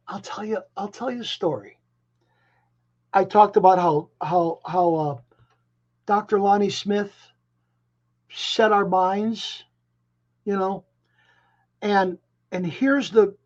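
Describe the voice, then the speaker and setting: A man in his seventies from Chicago, a musician guest telling stories in a rambling, animated way, often restarting his phrases. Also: sits high. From Chicago, USA. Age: 70s. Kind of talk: casual interview storytelling. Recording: dull lo-fi audio.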